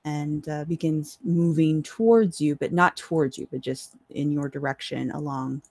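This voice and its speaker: A woman running a tabletop game as dungeon master, describing scenes in a calm, measured way with many fillers. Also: low-pitched, no room sound.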